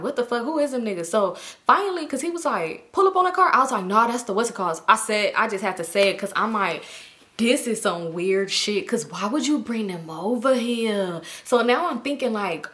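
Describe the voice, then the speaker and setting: A woman tells a story in a casual vlog, animatedly acting out everyone's lines with big jumps in pitch. She is a storytime vlogger.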